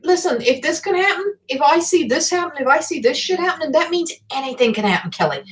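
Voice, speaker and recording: A woman's voice: sits high, expressive, fast, far from the mic, pitched above the performer's own voice. A woman voicing a grumpy, cocky old male spirit who scoffs and swears bluntly. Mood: insistent.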